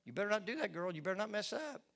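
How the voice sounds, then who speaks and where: A male preacher voicing stern, worried parents who scold their daughter in a slightly raised, quiet voice. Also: sits high, very animated, very fast, creaky, pitched above the performer's own voice, exaggerated voice.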